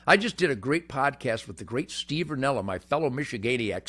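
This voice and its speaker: Brash older man, booming and cocky. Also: animated, brisk, few pauses. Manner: brash, cocky, swings from booming shouts to low mutters. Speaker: host. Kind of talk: boastful rambling livestream monologue.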